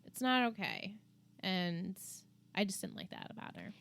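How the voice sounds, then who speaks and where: A woman with a Long Island accent co-hosting a podcast in casual chat, talkative and quick to laugh at her own jokes. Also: mid-range voice, gravelly, a bit bright. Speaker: podcast co-host.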